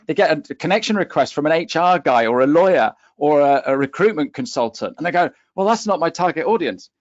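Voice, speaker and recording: Brief: West Country man, fairly high voice, emphatic coach on a webinar, dry muffled call audio. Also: dry recording. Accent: West Country English. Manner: emphatic, tags points with "okay?". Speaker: LinkedIn coach for accountants. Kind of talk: webinar panel talk.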